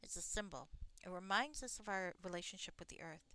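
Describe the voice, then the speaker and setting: A woman reading the lines of a calm, knowledgeable elven druid companion aloud from a game, in an earnest, explanatory way. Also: on the low side, brisk, slight background noise. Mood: earnest, explaining.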